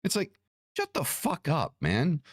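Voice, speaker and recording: A man's voice: fairly high pitch, wildly swooping pitch, unhurried, no room sound, studio quality. A man hosting an occult livestream, ranting in a casual, profane, irritated way, with many restarts.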